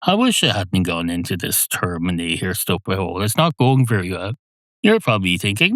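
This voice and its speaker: A man's voice: deep voice, very animated, moderate pace, fairly bright tone, no room sound. A man hosting a solo podcast, talking in a wry, digressive, self-mocking way. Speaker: podcast host. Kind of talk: solo rambling monologue.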